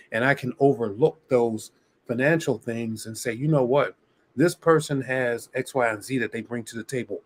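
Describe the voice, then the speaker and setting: A man on a dating-show review panel, arguing his point in casual talk with many restarts. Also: medium pitch. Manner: argumentative, explains at length with many restarts. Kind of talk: casual debate on a video panel.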